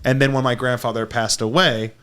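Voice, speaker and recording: A man's voice: mid-range voice, little pitch movement, brisk, fairly bright tone, clean tone. A man chatting as a podcast guest, telling stories in a rambling way full of fillers. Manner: rambling, filler-heavy storytelling. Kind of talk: casual podcast chat.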